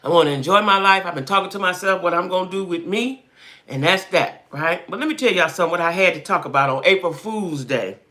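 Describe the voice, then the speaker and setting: A woman's voice: on the low side, expressive, fast, sharp tone. A woman hosting a casual live stream, talking straight to her viewers, repeating herself for emphasis and answering their comments as they come in. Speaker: livestream host.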